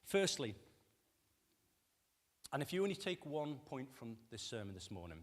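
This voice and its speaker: Male preacher, mid-pitched, chatty with the congregation, ringing hall echo. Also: normal speed. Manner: conversational, poses rhetorical questions to the congregation; acts out quoted voices with lively shifts. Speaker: pastor. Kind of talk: sermon. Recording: long reverb of a church hall.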